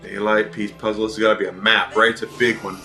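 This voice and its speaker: A chatty, excitable young man giving casual commentary while playing a video game. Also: lowish voice, fast, faint music behind. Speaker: gaming video host. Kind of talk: casual let's-play commentary.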